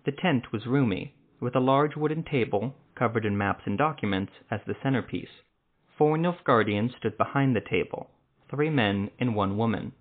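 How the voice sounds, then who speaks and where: A man narrating a fantasy story in a steady, measured reading. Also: mid-range voice. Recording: tinny phone-like sound.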